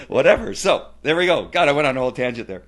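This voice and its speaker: A middle-aged man giving a casual personal testimonial, rambling with many fillers and restarts and growing animated when he retells family scenes. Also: medium pitch. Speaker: testimonial speaker.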